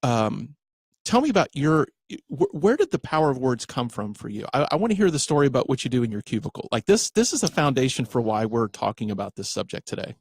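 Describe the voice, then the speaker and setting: A man's voice: medium pitch, sing-song, a little mellow, husky. A man hosting a radio talk show in a studio, chatty and correcting himself as he goes. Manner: chatty, self-correcting, slows for emphasis.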